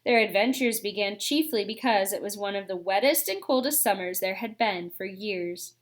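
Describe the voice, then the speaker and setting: A woman reading a children's novel aloud, with expressive phrasing and the odd casual aside. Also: medium pitch, normal speed. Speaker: narrator.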